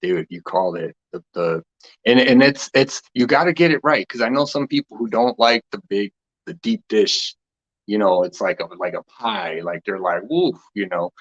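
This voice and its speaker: A man's voice: fairly low pitch, expressive, moderate pace, a bit bright, highs cut off. A man hosting a casual spiritual talk session. He rambles and meanders, laughs often, and trails off mid-thought.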